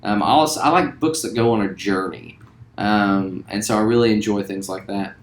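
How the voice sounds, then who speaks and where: A man in his forties from West Virginia, a theater teacher introducing himself to students in a relaxed, friendly way with lots of ums. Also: fairly low pitch, normal speed. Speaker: high school theater teacher. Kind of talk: recorded self-introduction to students. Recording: roomy echo.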